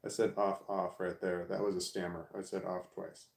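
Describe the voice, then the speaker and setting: A man's voice: low-pitched, little pitch movement, normal speed, gravelly, reverberant. A man chatting casually on a live stream, reading comments aloud and answering them, who stammers and repeats words as he searches for what to say. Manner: rambling, thinks aloud. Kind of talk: casual chat.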